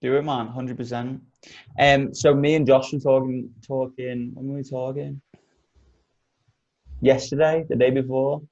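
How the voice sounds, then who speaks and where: A man's voice: medium pitch, a little slow, long pauses, lo-fi sound. Young man telling a wild story. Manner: animated storyteller, swears a lot. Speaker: podcast host. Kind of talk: casual chat, storytelling.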